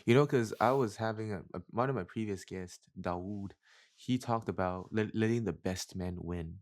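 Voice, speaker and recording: Fast-talking podcast host man. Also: lowish voice. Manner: quick, restarting questions with casual interjections. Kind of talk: casual podcast interview.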